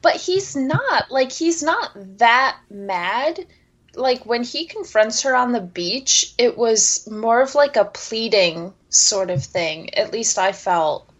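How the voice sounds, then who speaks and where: A woman's voice: fairly high pitch, animated, slow, a bit bright. A woman on a podcast panel, chatting earnestly and often saying 'like'. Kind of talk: casual podcast chat.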